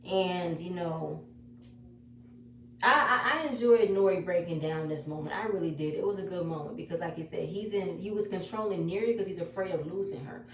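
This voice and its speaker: A chatty woman recaps a reality show episode with a low voice, emotional and repeating herself. She sits back from the mic in an echoey room. A faint hum runs underneath. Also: normal speed, far from the mic. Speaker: reality TV reviewer.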